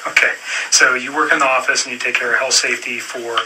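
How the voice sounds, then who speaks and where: Calm male detective, distant and noisy. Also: medium pitch, fast talker. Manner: calm, procedural, with frequent fillers. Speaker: police detective. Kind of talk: police interview questioning. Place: police interview room. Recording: distant room recording with clear noise.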